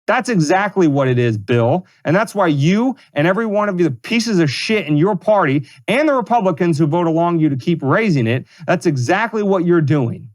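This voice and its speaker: A man's voice: sits high, expressive, fairly quick, few pauses. A man co-hosting a political podcast, ranting angrily and with heavy profanity. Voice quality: profane, heated, emphatic. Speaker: podcast co-host. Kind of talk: angry political rant.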